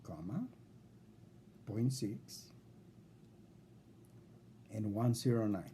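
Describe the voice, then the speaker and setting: Indignant man with a very dark voice. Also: lowish voice, very slow, a little hiss or hum. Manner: indignant, lecturing, repetitive. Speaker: self-represented litigant addressing a judge. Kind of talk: recorded complaint video.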